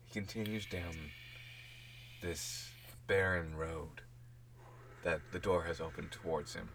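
A man's voice: low voice, steady tone, slow, fairly bright tone, slight background noise. A man riffing on a friend's improvised story in casual banter, laughing a lot and rambling with fillers. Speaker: podcast co-host.

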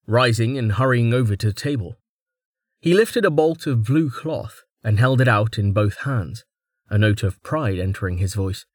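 A man reading an audiobook chapter in steady, scripted narration. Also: medium pitch, moderate pace, no room sound, clean studio sound.

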